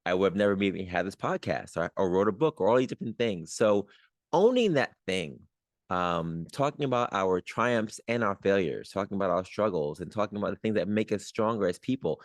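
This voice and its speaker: A man's voice: on the low side, no echo, studio quality. A man from New York hosting a motivational podcast, speaking earnestly with rising emphasis. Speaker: podcast host.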